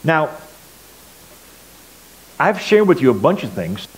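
A middle-aged man giving a personal testimony at church, telling stories earnestly and swinging between loud and quiet. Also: medium pitch, big pitch swings, takes it slowly, husky, poor audio. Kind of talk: sermon testimony.

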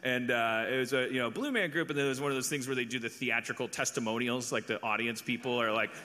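A man's voice: medium pitch, fast talker, bright, forceful tone. A man from Milwaukee hosting a live comedy podcast on a theater stage, rambling and mocking himself as he tells stories. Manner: rambling, self-mocking storytelling. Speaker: podcast host. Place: large theater stage before an audience. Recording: live theater with hall reverb.

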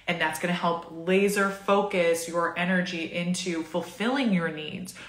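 A woman's voice: fairly low pitch, measured pace, echoey room. A woman in her thirties giving a casual, chatty tarot reading to camera, bubbly and laughing often. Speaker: tarot reader.

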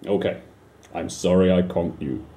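A man doing a calm, laid-back old God. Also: deep voice, normal speed, pitched below the performer's own voice, close to an everyday voice. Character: calm, kindly old male God, mild and apologetic.

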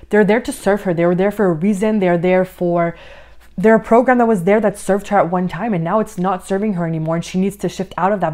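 A woman life coach talking through a podcast lesson in an encouraging way, often saying "like" and a little out of breath. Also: mid-range voice. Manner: warm, encouraging, uses many "like" fillers. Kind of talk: podcast monologue, guided coaching.

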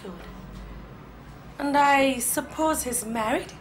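A woman's voice: sits high, slow, slight background noise. A sarcastic young Nigerian woman. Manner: sarcastic, teasing. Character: sharp-tongued young woman mocking friends' advice. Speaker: an actress. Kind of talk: Nollywood film acting. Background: film score music.

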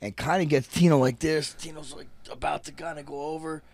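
A man co-hosting a podcast, telling a story in casual chat, animated and profane, acting out what everyone said. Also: fairly high pitch, brisk, gravelly, no room sound. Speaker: podcast co-host.

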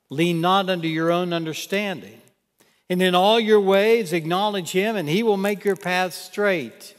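An older man preaching a sermon as pastor in a church, earnest and measured, reading scripture aloud. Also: high-pitched, a bit bright. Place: church sanctuary. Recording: long church hall reverb.

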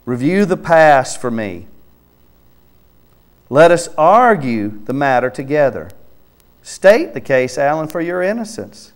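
In a church sanctuary, a pastor with a fairly high, sing-song voice preaches slowly, pausing often. He reads scripture aloud emphatically with his own name inserted, comments on it, and builds to loud exhortation.

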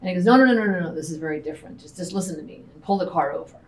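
A woman's voice: low-pitched, fairly even intonation, racing, a little mellow. A woman co-owner of a restaurant, sharing candid personal stories in a panel talk and acting out family dialogue. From United States. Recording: distant mic with faint background noise.

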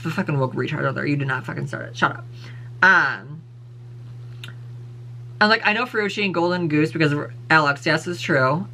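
A man's voice: on the high side, fairly quick, creaky, pauses often, pushed and bright, a little hiss or hum. A man ranting on his vlog, sassy, blunt and full of profanity. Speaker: vlogger. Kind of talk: casual opinion rant.

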